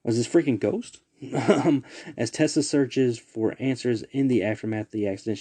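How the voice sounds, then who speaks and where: A male podcast host talks loosely into a desk mic, low in pitch and mellow in tone. He drifts into asides and chuckles at himself while reading out the week's listings. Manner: loose, rambling, laughs at his own asides. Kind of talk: casual solo podcast.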